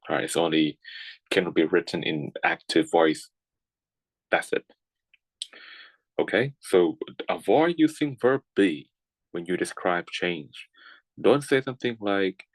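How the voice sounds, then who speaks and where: A man with a low voice teaches a class at a slow, steady pace. He checks in with short "okay"s and often restarts his words. His voice sounds close and dry. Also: dry recording, poor audio. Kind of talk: classroom lecture.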